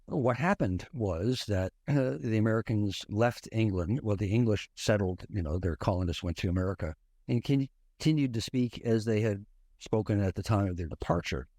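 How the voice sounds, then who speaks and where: Podcast guest, male, low voice, dry recording, thoughtful explainer who often restarts. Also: moderate pace, a little mellow, no echo. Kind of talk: conversational history discussion.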